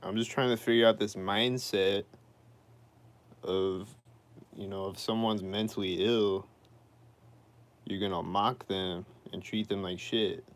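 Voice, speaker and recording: A man's voice: fairly low pitch, steady tone, unhurried, long pauses. A man ranting on a livestream in an aggrieved, repetitive way, asking the same questions over and over. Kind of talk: livestream rant.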